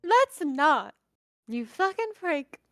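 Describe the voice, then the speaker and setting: A young woman with a very high, lively voice reads a visual novel aloud at an unhurried pace. She answers with blunt, joking comebacks. The sound is dry and close. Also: no echo, faint music behind. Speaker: gaming video co-host.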